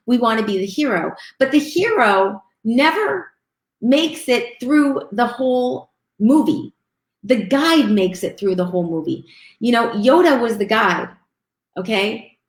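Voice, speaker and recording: Woman, fairly high voice, upbeat webinar presenter, echoey room. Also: lively intonation, measured pace. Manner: upbeat, reads out chat comments and thanks viewers.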